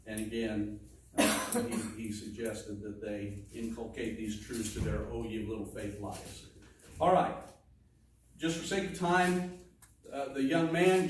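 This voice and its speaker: A man preaching a sermon in a conversational teaching manner, with asides and restarts. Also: fairly high pitch. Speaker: pastor. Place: church sanctuary. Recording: echoey room, distant mic, faint noise.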